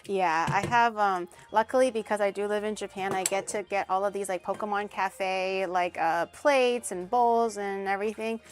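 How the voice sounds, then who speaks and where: A young Canadian woman hosts a cooking collab on her stream, chatting animatedly while she cooks, laughing often and swearing casually. Her mid-range voice holds a steady tone at a moderate pace with few pauses, over soft background music.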